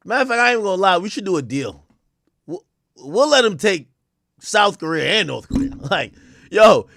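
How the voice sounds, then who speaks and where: A man hosting a casual livestream talks in a loose, profane way, and his pitch swings widely. His voice sits a little high for a man and jumps up for sudden loud outbursts. The sound is close and dry, with no room around it. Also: no room sound. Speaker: livestream host.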